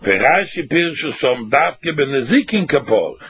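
A man teaching a Talmud class, acting out both sides of the argument in an animated singsong. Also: medium pitch, normal speed, husky. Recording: dull lo-fi recording.

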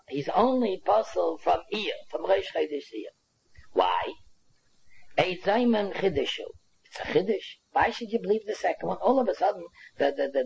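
Male Talmud teacher, high and gravelly voice, lively explaining, faint background hiss. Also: highs cut off. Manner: animated explaining, Yiddish and Hebrew terms, many restarts. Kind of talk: Talmud lecture.

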